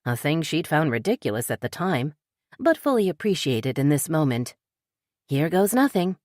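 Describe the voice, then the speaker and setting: A woman narrating a cozy mystery audiobook with lively character reading. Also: low-pitched, normal speed, no room sound, clean studio sound. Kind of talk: scripted narration.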